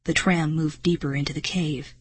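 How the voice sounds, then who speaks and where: A woman's voice: low-pitched, fairly even intonation, moderate pace, breathy edge, no room sound. A woman narrating a first-person children's adventure story in a suspenseful, dramatic reading voice. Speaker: audiobook narrator.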